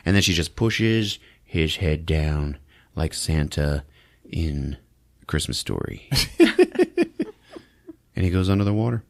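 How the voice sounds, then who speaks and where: A man's voice: a bass voice, slow pace, creaky, pauses often, no room sound, clean studio sound. A man hosting a podcast, telling a film's plot in casual, profane, laughing style. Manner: laughing, animated, profane storytelling. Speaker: podcast host. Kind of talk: casual film recap.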